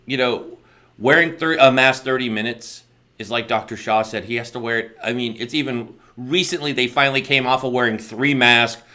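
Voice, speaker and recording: A middle-aged American man hosts a casual interview show, his voice bright and forward. He rambles through opinions, drops jokey asides and leans hard on his points, all at an ordinary pitch for a man. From United States. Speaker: podcast host.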